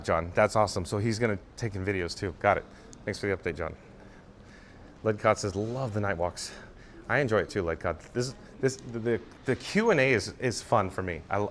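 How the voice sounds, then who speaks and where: A man's voice: fairly low pitch, a little hiss or hum. A man hosting a live stream while he walks, reading chat aloud and answering in a chatty, emphatic way, repeating viewers' names. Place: outdoors in a theme park.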